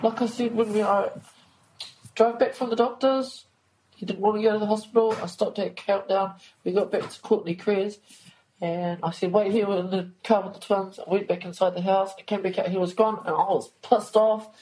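A woman's voice: medium pitch, fairly even intonation, normal speed, mellow, a little hiss or hum, low-quality recording. Kiwi woman retelling what happened, gets emotional, swears, acts out the conversation. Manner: emotional, swears, re-enacts dialogue. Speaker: interviewee recounting events. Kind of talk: recorded personal account.

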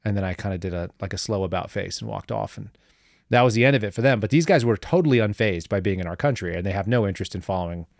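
Interview guest, male, lower register, dry close mic; chatty and wry, filler-heavy storyteller. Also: animated, fast, vocal fry, darkish tone, dry recording. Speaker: guest, former government analyst.

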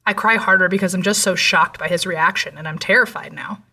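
Bright-voiced young woman narrating a story. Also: fairly low pitch, gravelly, husky. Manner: steady, measured storytelling. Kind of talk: first-person story narration. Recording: voice slightly distant from mic.

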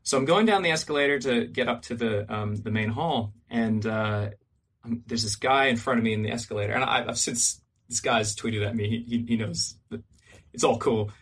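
A man with an average-pitched, somewhat husky voice tells a story on a podcast. He acts out every character in it and swears freely. It is loose, casual talk straight into a podcast microphone. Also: moderate pace, fairly bright tone. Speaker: podcast guest.

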